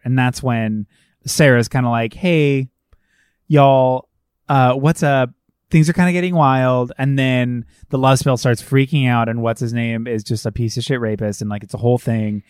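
Man, casual film chat, acts out character lines, swears a lot, middle pitch, dry close sound. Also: fairly even intonation, normal speed, no echo. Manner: retells scenes by acting out characters' lines, swears freely.

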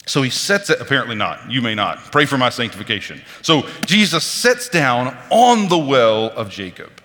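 A man delivers a sermon in a chatty, animated manner, his pitch rising and falling widely. His tone is bright and forceful. The sound carries a long reverb, as in a large church hall. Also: moderate pace, slight background noise. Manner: animated, conversational, acts out quoted voices. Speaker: preacher.

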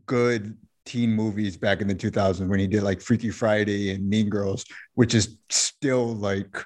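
Rambling, lower-voiced man chatting about movies. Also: fairly even intonation, a little slow, darkish tone. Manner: rambling, many fillers and restarts. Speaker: podcast co-host. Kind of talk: casual movie review chat.

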